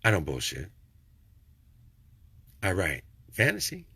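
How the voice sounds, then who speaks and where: An older man talks straight at the listener in a folksy, preachy monologue. His husky voice rises and falls a great deal, dropping low and soft and then jumping up loud. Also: huge pitch swings, slow pace, dry recording. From Texas. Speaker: vlogger. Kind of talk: rambling motivational monologue.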